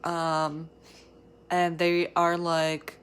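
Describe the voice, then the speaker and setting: A woman's voice: fairly low pitch, monotone, drawn-out words, a bit bright, smooth. A young woman and mother of three talking casually to camera in a rambling, chatty way, full of fillers.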